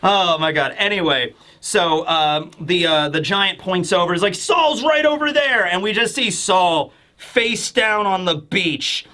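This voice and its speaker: A man talks through a manga chapter in a casual, rambling review. His voice sits high and bright, and he sounds excited, tumbling through fillers and restarts. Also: unhurried, hardly any pauses.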